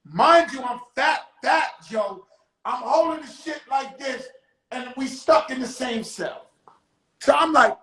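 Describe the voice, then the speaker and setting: New guy telling a wild story, high voice, roomy echo. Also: a little slow. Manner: animated, acts out quotes loudly; profane street talk. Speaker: show host. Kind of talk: casual storytelling.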